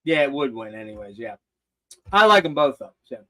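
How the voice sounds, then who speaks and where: A man's voice: mid-range voice, big pitch swings, a little fast, pushed and bright. An older man hosting a casual livestream, rambling and swearing with loose laughter. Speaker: host.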